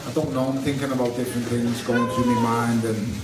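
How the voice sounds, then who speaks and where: A man speaks bluntly and casually at a press conference, joking and dropping swear words. His voice sits at an ordinary pitch, distant in a boomy hotel room. Loud background noise runs under him. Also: level tone, brisk, roomy sound. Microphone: room mic, heard from a distance.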